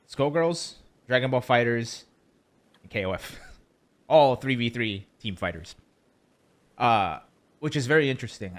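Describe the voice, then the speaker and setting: A man's voice: mid-range voice, a bit bright. A man co-hosting a casual podcast, chatty and joking, rambling with fillers. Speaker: co-host.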